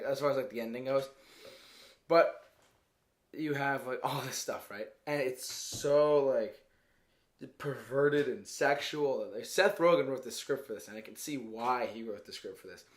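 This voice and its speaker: A man talks through a movie in a loose, rambling review, hunting for words and breaking into laughter. His voice sits at an ordinary middle pitch for a man. The recording has a noticeable roomy echo.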